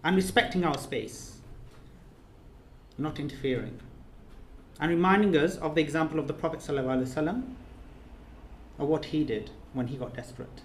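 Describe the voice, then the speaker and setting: Man, fairly high voice, heartfelt speech of thanks, echoey room. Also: fairly quick, long pauses, slight background noise. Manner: earnest, repetitive, emphatic. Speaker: course trainer giving a speech. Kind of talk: emotional closing speech. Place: reception room in a residence. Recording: echoey room, faint ambience.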